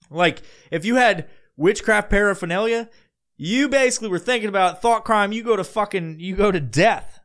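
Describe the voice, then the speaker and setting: A man's voice: high-pitched, moderate pace, a bit bright. A man hosting a podcast, telling history in a profane, rambling, joking way. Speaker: podcast host. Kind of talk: casual storytelling.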